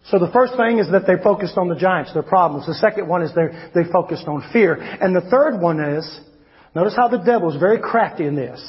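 Male pastor, high voice, emphatic sermon delivery, dull lo-fi recording. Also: lively intonation, a little fast. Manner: preaching with swings from loud emphatic shouts to low quiet asides. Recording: long hall reverb, dull lo-fi sound.

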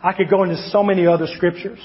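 Male pastor, high voice, emphatic sermon delivery, dull lo-fi recording. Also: steady tone, quick pace. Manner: preaching with swings from loud emphatic shouts to low quiet asides. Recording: long hall reverb, dull lo-fi sound.

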